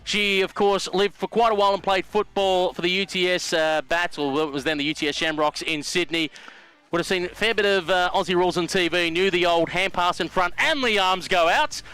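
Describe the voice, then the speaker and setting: Male co-commentator, dry humor, clear and bright-toned. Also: high-pitched, fairly quick, poor audio. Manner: dry, teasing asides mixed with player background. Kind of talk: live sports commentary.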